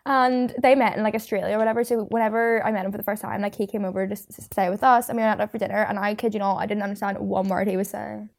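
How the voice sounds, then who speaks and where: A woman's voice: medium pitch, flat delivery, racing, creaky, hardly any pauses. A young woman chatting and gossiping casually as a podcast co-host, laughing often. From Ireland. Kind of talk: casual chat.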